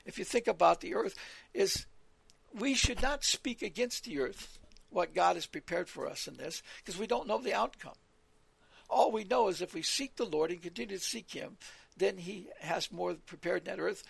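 A man with a gravelly, husky voice that sits high for a man, giving an earnest evening Bible talk. He rambles from point to point, reads scripture aloud and explains it, recorded dry and close. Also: no room sound. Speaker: preacher.

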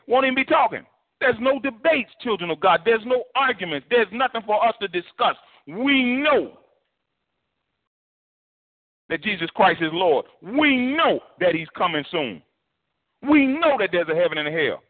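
The recording is tinny, like a phone broadcast, carrying a pastor's high-pitched voice at a moderate pace. He preaches in a colloquial, preachy style and brings the sermon to life with put-on voices.

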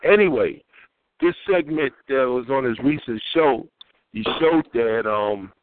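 A man calls into a talk show and speaks hesitantly, stopping often on "um" as he searches for his words. His voice comes through a tinny, narrow phone line at an ordinary pitch. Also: expressive, a little slow. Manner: hesitant, lots of "um". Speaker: caller. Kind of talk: casual talk show chat.

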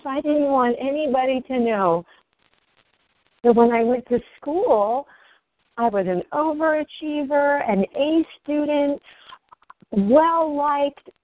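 A woman guest telling her own story candidly, swearing freely and rising in pitch as she speaks. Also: no echo. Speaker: interview guest. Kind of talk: emotional personal storytelling. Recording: dry, tinny phone-like line.

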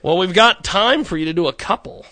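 A man's voice: high-pitched, expressive, brisk, sharp tone. A man hosting a casual studio talk show, rambling with stammered repeats and frequent laughter. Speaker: radio show host.

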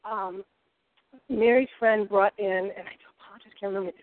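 Animated woman storyteller on a tinny line. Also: medium pitch, a little fast. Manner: lively, expressive, laughing storyteller. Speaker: guest cook.

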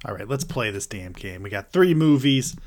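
A man's voice: fairly low pitch, expressive, normal speed. Laid-back, blunt podcast co-host man. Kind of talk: casual movie podcast chat.

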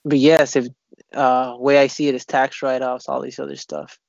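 A man in casual chat, rambling and halting, swearing often and restarting his sentences. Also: mid-range voice, level tone, creaky, darkish tone, no room sound. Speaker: conversation partner. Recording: dull lo-fi recording.

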